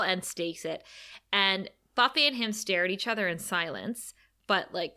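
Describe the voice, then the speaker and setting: Bright-voiced woman retelling a TV episode. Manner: animated retelling, quoting characters in a lowered voice. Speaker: podcast co-host recapping a TV episode. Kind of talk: casual chat.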